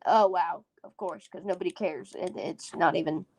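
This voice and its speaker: A woman's voice: on the low side, moderate pace, a little mellow. A woman hosting a casual solo podcast, rambling and giggling as she sounds out foreign words. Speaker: podcast host.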